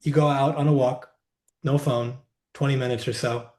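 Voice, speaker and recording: A man as a podcast guest, calmly explaining a wellness practice in a reflective, conversational way, seated indoors. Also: medium pitch. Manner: reflective, unhurried, says "like" often. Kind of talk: conversational interview, teaching.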